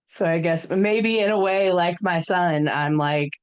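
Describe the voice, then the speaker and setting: A woman in her thirties with a somewhat low voice talks casually on a podcast. She rambles and restarts often, with plenty of fillers. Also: unhurried, smooth. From United States. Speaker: podcast co-host. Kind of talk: casual chat.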